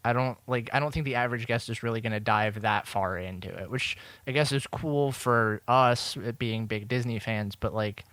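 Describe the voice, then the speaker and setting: A young man co-hosting a podcast, chatting in a relaxed way and hedging with fillers. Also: mid-range voice, moderate pace, hardly any pauses, no echo. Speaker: podcast co-host. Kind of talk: casual chat.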